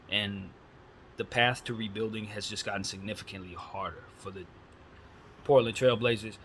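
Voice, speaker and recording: A man's voice: mid-range voice, a bit bright, a little hiss or hum. Blunt, opinionated male sports talker. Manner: opinionated, blunt, conversational with slang. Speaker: basketball commentary host. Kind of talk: casual solo sports chat.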